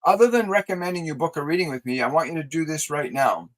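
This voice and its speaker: A man hosting a live stream of spiritual guidance, talking softly and slowly as he leads breathing exercises and answers viewer messages. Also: a little high, lively intonation, poor audio. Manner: soft, slow, soothing guided instructions; reads viewer messages aloud and answers them. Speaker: psychic reader and host.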